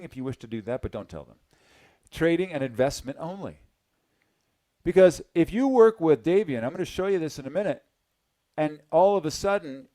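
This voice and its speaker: A middle-aged man presenting a sales webinar, animated and exclaiming, talking directly to his audience. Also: fairly high pitch, no room sound.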